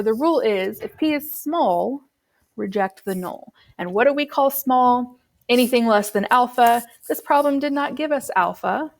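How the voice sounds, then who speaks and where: Patient woman teaching a statistics lesson. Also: a little high. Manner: patient, explanatory, uses fillers like um. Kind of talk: recorded classroom lesson.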